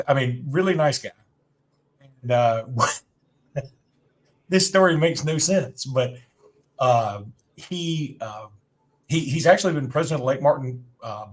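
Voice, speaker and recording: A man from Alabama, co-hosting a casual sports podcast, telling rambling self-deprecating stories. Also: medium pitch. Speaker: podcast co-host.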